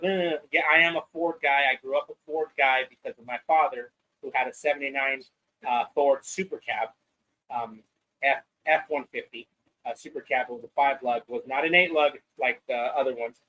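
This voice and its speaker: A man's voice: medium pitch, steady tone, brisk, bright, forceful tone, rough recording. A man hosting a live podcast, talking in a loose, rambling, profane way. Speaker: podcast host. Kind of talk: casual live-stream chat.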